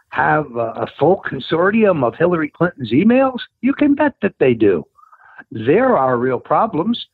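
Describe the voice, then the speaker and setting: A man's voice: slightly rough, no echo. Emphatic man on a tinny phone line. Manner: emphatic, combative, rising to insistent highs. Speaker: guest, political operative. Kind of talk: interview over the phone.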